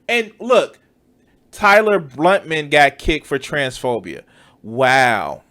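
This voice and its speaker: A man's voice: on the high side, lively intonation, slow, fairly bright tone. A man giving profane, exasperated reaction commentary on a video, mocking its creator. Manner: mocking, exasperated, swears often. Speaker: reaction streamer.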